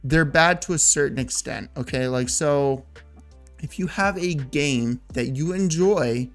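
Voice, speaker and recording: A man in his thirties chats loosely about games on his channel. He rambles, trips over his words and leans on fillers. His voice sits a touch high, with faint music underneath. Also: a little slow. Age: 30s. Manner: rambling, filler-heavy, self-interrupting. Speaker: gaming YouTuber. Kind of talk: casual vlog commentary.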